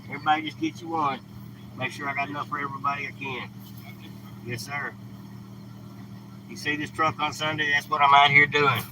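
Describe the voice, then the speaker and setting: A man's voice: a little high, level tone, fairly quick, long pauses. A man hosting a casual live stream from his truck, talking bluntly and scolding at times. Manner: blunt, scolding, plain-spoken. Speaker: live-stream host handing out food. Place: inside a truck, by the street. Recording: traffic noise from outside. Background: car and street noise.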